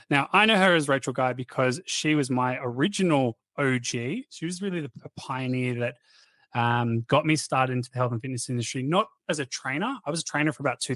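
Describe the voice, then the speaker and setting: A man in his thirties hosting a podcast, telling casual, animated, slangy stories. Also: medium pitch, no echo. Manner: chatty, animated, slangy anecdotes. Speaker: podcast host.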